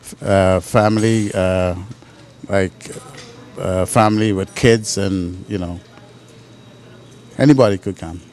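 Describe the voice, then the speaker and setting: A man who runs a restaurant, answering interview questions in a hesitant way with many pauses and fillers. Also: low voice, fairly even intonation, darkish tone. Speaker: restaurant owner or manager.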